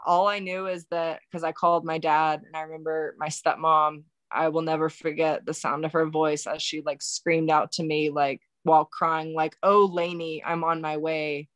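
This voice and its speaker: A woman telling a painful personal story as a podcast guest, halting and full of fillers and restarts, still in shock. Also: low-pitched, flat delivery, no room sound. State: recounting shock and grief. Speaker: birth worker.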